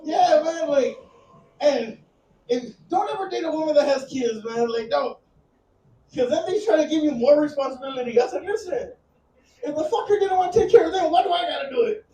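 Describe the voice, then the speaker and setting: Man, thirties, stand-up comic, very high voice, breathless, crude and rambling, echoey club from a distance. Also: fairly quick, dark tone, a little hiss or hum. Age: 30s. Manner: crude, rambling, laughing at his own jokes. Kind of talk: stand-up comedy set. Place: comedy club stage.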